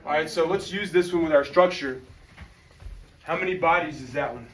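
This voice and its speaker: A male teacher giving an energetic, slangy classroom lecture and calling on students. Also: fairly high pitch, moderate pace, far from the mic. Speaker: high school history teacher.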